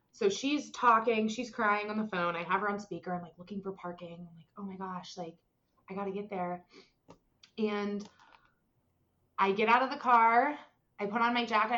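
Young philly woman telling a story, lots of likes, acts out the quotes, kinda dull muffled audio. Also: medium pitch. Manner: animated, many fillers, acts out voices in quotes. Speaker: guest telling a personal story. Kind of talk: casual storytelling.

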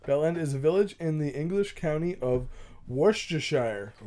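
A man's voice: on the high side, mellow. A man hosting a casual podcast, reading listener comments aloud and correcting himself as he goes. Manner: rambling, self-correcting, quick to laugh. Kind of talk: casual chat.

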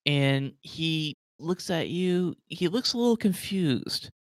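A man's voice: on the high side, lively intonation, slow pace, no room sound, clean studio sound. A man narrating as game master of a tabletop role-playing game, rambling and full of "like". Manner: rambling, heavy with "like".

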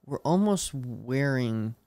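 A young man in casual chat, relaxed, filling his talk with "like" and "uh". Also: mid-range voice, slow pace, no echo. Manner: relaxed, fills with "like" and "uh".

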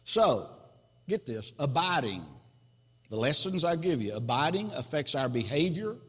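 A man's voice: a little high, sing-song, a little slow, fairly bright tone, husky. A male pastor preaching a sermon, reading scripture verses and explaining them. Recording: long hall reverb.

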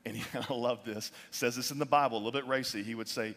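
A young adult man preaching a sermon as pastor, animated, sometimes dropping his voice low for emphasis. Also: fast talker, hardly any pauses. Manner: animated preaching, drops to near-whispers for emphasis. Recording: long reverb of a large hall.

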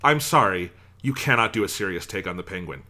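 A man co-hosting a film podcast, talking in an animated, profane way with frequent restarts. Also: sits low, fairly quick. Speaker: podcast co-host. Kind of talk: casual film discussion.

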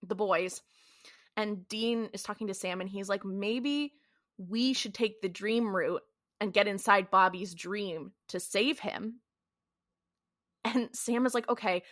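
A woman co-hosting a podcast casually recaps a TV episode, acting out the characters' lines. Her mid-range voice sounds pushed and bright, captured in a dry, clean studio recording.

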